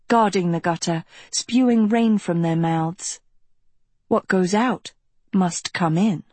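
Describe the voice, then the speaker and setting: A woman narrating a fantasy story aloud in a dramatic, measured storytelling manner. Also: mid-range voice, darkish tone, husky, no echo. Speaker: audiobook narrator. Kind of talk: scripted narration.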